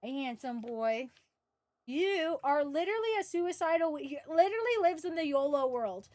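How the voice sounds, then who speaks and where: A woman from Canada, chatting casually and excitably on a gaming livestream, swearing and cooing at her dogs. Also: sits high, normal speed, no room sound. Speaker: streamer.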